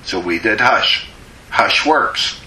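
Slow, emphatic male preacher. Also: lowish voice, expressive, pushed and bright, echoey room, poor audio. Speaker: pastor. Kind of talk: sermon.

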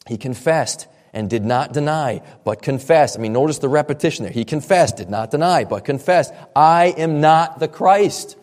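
A man's voice: mid-range voice, lively intonation, brisk, few pauses, a little mellow, in a large hall. A man preaching a sermon, earnest and expository, often repeating points for emphasis. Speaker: pastor.

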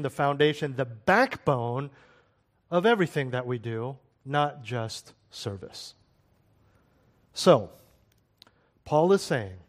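Man teaching scripture, slightly high voice. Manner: conversational, with rhetorical questions and asides. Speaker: Bible teacher. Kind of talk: sermon-style Bible teaching.

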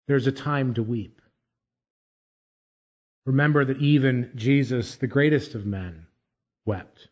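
A man preaching a sermon, measured and emphatic, pausing deliberately between phrases. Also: mid-range voice, darkish tone, dull audio. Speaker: pastor.

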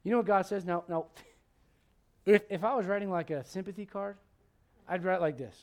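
A man with a notably high voice preaches a sermon in a loose, conversational way. He jokes, quizzes his listeners, and swings from forceful, loud emphasis down to quiet, almost muttered asides. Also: fairly quick. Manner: humorous, asks the congregation questions. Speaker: pastor.

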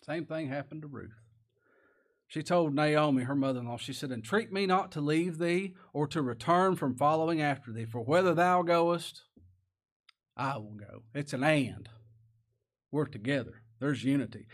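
A pastor with a slightly high, expressive voice preaches at an ordinary pace. His folksy, plain-spoken sermon puts rhetorical questions to the congregation and includes scripture read aloud.

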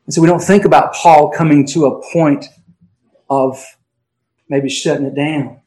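A male pastor preaching an emphatic sermon, slowing down and swinging between loud stresses and quiet asides. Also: fairly high pitch, fairly even intonation, poor audio. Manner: emphatic preaching with dramatic pauses and swings in volume.

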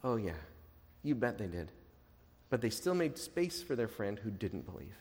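A man's voice: lowish voice, very animated, normal speed, darkish tone, big-room sound. A man preaching a conversational sermon as a pastor, mixing jokes with emphatic repetition.

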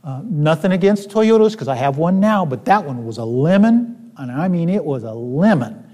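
A male pastor preaches in a folksy, chatty way, stopping for fillers and then rising to emphatic peaks. His voice sits a bit high for a man. The sermon echoes with a long reverb, as if recorded in a large church hall. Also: animated, moderate pace, mellow. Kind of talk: storytelling sermon.

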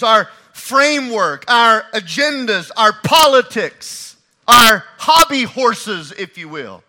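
A man preaching a sermon, driving home repeated phrases and swinging from hushed lines to shouted ones. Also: high-pitched. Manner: repeats and drives key phrases.

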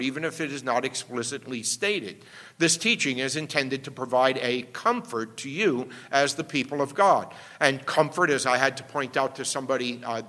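A man's voice: mid-range voice, bright, forceful tone. A man pastor delivering a teaching sermon, explaining step by step and often checking in with "all right?". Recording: long hall reverb.

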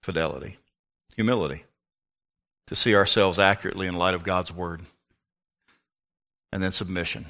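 A man's voice: low voice, moderate pace, pauses often, pushed and bright. An older man, a pastor, preaching a sermon in an emphatic, folksy way with asides to the congregation.

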